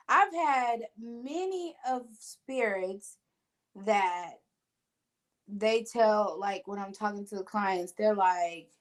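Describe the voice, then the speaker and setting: Woman, spiritual medium, casual podcast chat, earnest, emotional, mid-pitched voice. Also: slow. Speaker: spiritual medium and show host.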